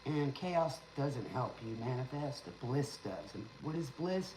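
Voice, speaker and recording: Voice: medium pitch, lively intonation, measured pace. A tarot reader and spiritual teacher talking casually on a livestream in a rambling, teacherly way, with sarcastic asides and an occasional stutter. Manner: stutters sometimes. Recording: roomy with faint background noise.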